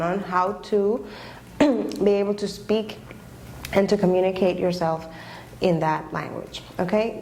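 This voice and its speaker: A woman with a mid-range voice explains grammar in a patient, unhurried teaching manner. She keeps checking in with her listeners and rephrasing her points. A faint hiss of noise sits under the recording. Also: medium pitch, a little mellow. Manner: patient, repeats and checks with "okay?". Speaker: English teacher. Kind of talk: explanatory online lesson.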